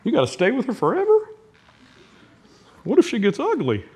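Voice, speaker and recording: A man acting out young male disciples who whine like fifteen-year-olds, raising his voice in fast, incredulous complaint. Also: very high voice, wildly swooping pitch, darkish tone, husky, voice pushed up, heavily acted. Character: whiny teenage-sounding young male disciples.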